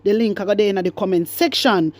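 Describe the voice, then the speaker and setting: A woman's voice: mid-range voice, fairly quick, no echo. A woman with a Jamaican accent, ranting to camera as a political vlogger, defiant and repetitive, switching between patois and English. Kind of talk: fiery rant to camera.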